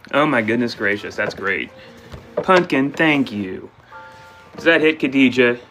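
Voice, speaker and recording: A man doing a live tarot reading, playful and animated, talking straight to viewers and acting out their questions and answers. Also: mid-range voice. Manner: voices questions and answers as quoted speech. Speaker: tarot reader taking questions.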